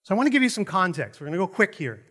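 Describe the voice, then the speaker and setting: A man's voice: high voice, racing. A middle-aged man preaching a sermon in a conversational way, with joking asides about himself. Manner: animated, conversational, self-deprecating asides. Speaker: pastor.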